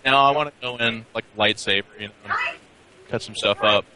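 A man guest at a LAN center, telling stories in animated, casual chat. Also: fairly low pitch, fairly quick, rough recording. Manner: animated storyteller. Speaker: guest player.

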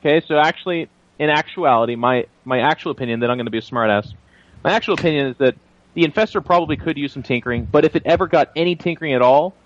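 A man's voice: on the high side, fast. A man co-hosting a gaming podcast, joking and opinionated with some swearing. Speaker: podcast co-host. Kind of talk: casual gaming podcast chat. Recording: slightly dull lo-fi sound with faint noise.

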